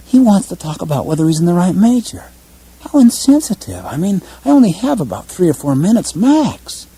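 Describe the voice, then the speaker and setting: A man's voice: mid-range voice, mellow, husky, poor audio. A man giving a leadership lecture, telling a story by acting out his own thoughts and mocking himself. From United States. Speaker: leadership seminar speaker. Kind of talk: lecture with acted-out anecdote.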